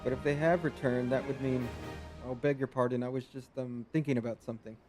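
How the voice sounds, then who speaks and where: A man's voice: medium pitch, fairly even intonation, a little fast, music in the background, natural voice. Man reading a formal lighthouse guard. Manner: formal, explanatory. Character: formal male lighthouse guard, polite and worried.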